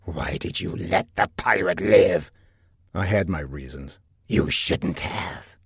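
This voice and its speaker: Give me a man playing a cold reptilian alien soldier who hisses his words slowly and quietly in a dry booth. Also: low-pitched, vocal fry, breathy edge, no room sound, heavily acted. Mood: cold, suspicious. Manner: slow, hushed, hissing delivery. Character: male reptilian alien officer, hissing, suspicious.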